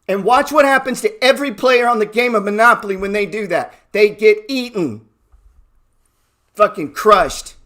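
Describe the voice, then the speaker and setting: A man with a fairly high voice giving a fired-up trading talk. He swears freely, asks rhetorical questions, and drops from loud bursts to low murmurs. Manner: profane, emphatic, rhetorical questions. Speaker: trading educator. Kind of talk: motivational talk.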